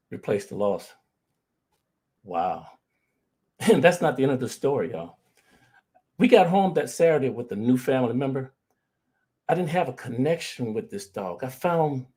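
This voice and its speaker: A middle-aged grief recovery specialist tells personal stories in an earnest motivational talk, speaking straight to his audience. He has a mid-range, husky voice with a darkish tone.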